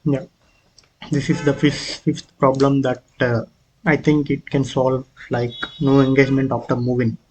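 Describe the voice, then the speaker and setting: A man talks through his app prototype in a casual screen walkthrough, his pitch sitting in an ordinary middle range but barely moving. He halts often, restarting sentences and filling gaps as he goes. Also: flat delivery, a little mellow, slight background noise, poor audio. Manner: hesitant, halting, with frequent fillers and restarts.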